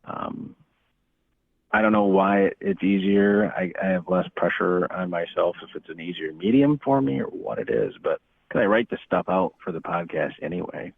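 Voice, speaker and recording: A man's voice: sits low, normal speed, creaky, breathy edge, dry recording. A man, an author guesting on a podcast, talking in a candid, reflective way. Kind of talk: casual podcast chat. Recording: tinny phone-like line.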